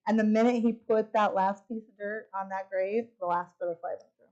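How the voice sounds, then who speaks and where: A woman's voice: fairly quick, highs cut off. A middle-aged woman giving a personal testimony at a church women's retreat, animatedly acting out the quoted lines. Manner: animated, acts out quoted lines with big pitch jumps.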